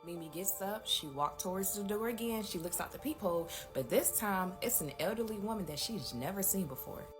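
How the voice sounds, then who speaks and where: A woman's voice: medium pitch, animated, a little fast, hardly any pauses. Chatty woman telling a creepy storytime. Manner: chatty, addresses viewers directly. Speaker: storytime host. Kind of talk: casual storytime narration. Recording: music playing behind the voice.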